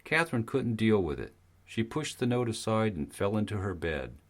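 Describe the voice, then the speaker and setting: A man narrating an audiobook in a steady, even storytelling manner. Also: lowish voice, moderate pace. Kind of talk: scripted narration.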